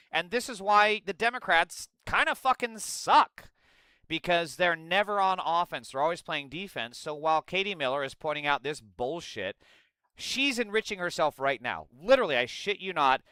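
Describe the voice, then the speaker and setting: A young male political streamer with a bright, crisp, slightly high voice reacts to his chat during a live stream. He rants sarcastically and crudely, doing mocking impressions in a goofy voice. The recording is dry and close-miked, with no room sound.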